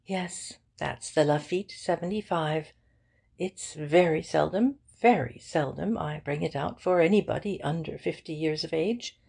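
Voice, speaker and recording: A woman's voice: low-pitched, unhurried, creaky, darkish tone, slightly rough, exaggerated voice. A woman reading the part of a fussy, courteous elderly male solicitor in a precise, old-fashioned way.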